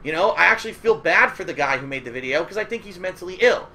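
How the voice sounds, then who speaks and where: Bright-voiced man ranting angrily. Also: high-pitched, lively intonation, fast. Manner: angry, profane, defensive ranting. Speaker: streamer. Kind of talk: livestream rant to chat.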